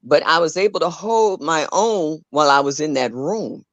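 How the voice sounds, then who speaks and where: A woman's voice: low-pitched, animated, moderate pace, dry recording, muffled recording. An older woman, a grandmother, telling an earnest story in a casual live audio chat, restarting her sentences now and then. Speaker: caller in a live audio discussion.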